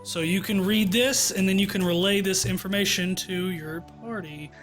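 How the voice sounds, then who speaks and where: A man acting as game master, narrating a tabletop game in a relaxed, descriptive way over a voice call. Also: sits high, normal speed, faint music behind. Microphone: online voice call.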